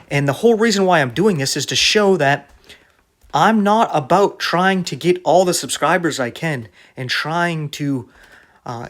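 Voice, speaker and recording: A man's voice: a little high, fairly bright tone. A man preaching casually to camera in a blunt, argumentative way, often checking in with "right?". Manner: conversational, keeps asking "right?".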